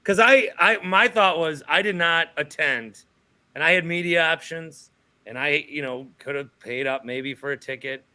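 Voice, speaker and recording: A man's voice: on the high side, pushed and bright, clear, resonant tone. A man hosting a sports podcast, cracking jokes and bantering with his guest. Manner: joking, quick banter. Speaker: podcast host. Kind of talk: casual sports chat.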